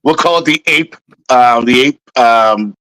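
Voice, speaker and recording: A man, a co-host throwing in loud, laughing remarks during a casual chat. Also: medium pitch, a little slow, no echo, poor audio.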